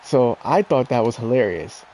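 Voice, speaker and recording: A man's voice: medium pitch, lively intonation, normal speed, mellow, a little hiss or hum, rough recording. A man chatting casually and telling a personal story while playing a video game, laid-back and laughing often. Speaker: streamer.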